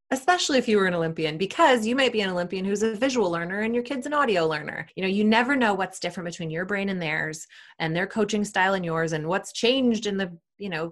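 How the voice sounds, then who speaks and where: A woman in her thirties giving animated interview answers and acting out what parents say to their kids. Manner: animated, acts out parents' voices in higher tones. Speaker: guest, sports psychology expert.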